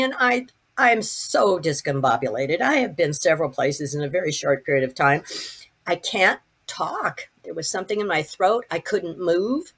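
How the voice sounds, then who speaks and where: Husky older woman telling her story. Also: lowish voice, moderate pace. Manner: vivid, animated retelling with many restarts. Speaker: podcast guest. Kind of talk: personal storytelling.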